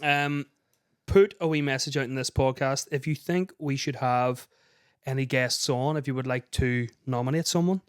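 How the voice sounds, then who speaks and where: A man's voice: medium pitch, moderate pace, clear, resonant tone, dry recording, studio quality. A man, co-hosting a podcast and eagerly prompting stories in casual chat. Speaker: podcast co-host.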